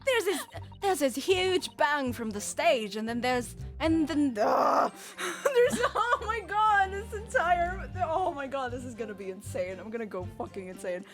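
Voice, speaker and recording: Woman streamer, higher voice, swoops all over, giggles a lot and flips into silly accents, music behind. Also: animated, unhurried, few pauses. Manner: laughs often, breaks into put-on accents. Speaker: streamer voicing game characters. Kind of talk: casual game-playing chat and dialogue reading.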